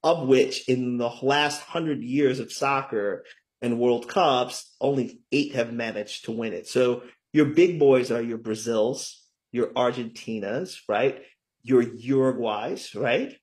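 Man, middle-aged, interview guest, eager, conversational, mid-pitched voice. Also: slow pace, darkish tone. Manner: enthusiastic, keeps asking "right?". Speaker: guest author.

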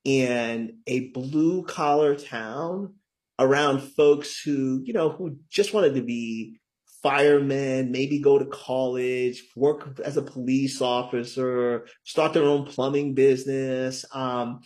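A middle-aged man from the Northeastern US sits as an author in a casual interview. He rambles in a friendly way and keeps checking in with "right?". His voice sits at an ordinary mid pitch. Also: slow, darkish tone. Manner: rambling, tags many points with "right?". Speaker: author and guest.

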